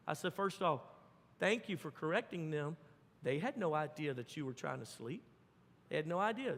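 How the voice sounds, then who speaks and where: Guy preaching, high bright voice, big loud-to-quiet swings, church reverb. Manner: animated storytelling, swings from loud to hushed. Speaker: pastor. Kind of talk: sermon. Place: church sanctuary. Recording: long hall reverb.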